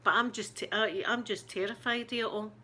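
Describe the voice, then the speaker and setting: A woman's voice: mid-range voice, steady tone, bright, forceful tone. A Scottish woman hosting her channel, chatting casually to viewers, shaken and close to tears, stumbling and restarting as she talks. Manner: halting, shaken, many restarts and fillers. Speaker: ASMR channel host. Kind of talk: casual live chat.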